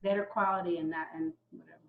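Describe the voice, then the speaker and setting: A fairly low-voiced woman student speaks up hesitantly from across the room. The sound is dull and echoey, like a room mic picking her up from far off. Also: steady tone, fast talker. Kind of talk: class discussion.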